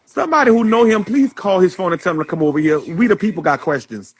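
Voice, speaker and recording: A man's voice: high voice, expressive, quick pace, breathy edge. A man commenting on a live stream, firing off skeptical questions and asking viewers for help.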